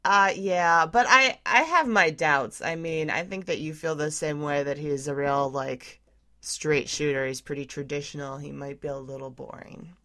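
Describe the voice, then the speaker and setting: A woman's voice: low voice, moderate pace, fairly bright tone, no room sound, studio quality. A woman co-hosting a podcast in casual chat, blunt and teasing, swearing freely. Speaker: podcast co-host.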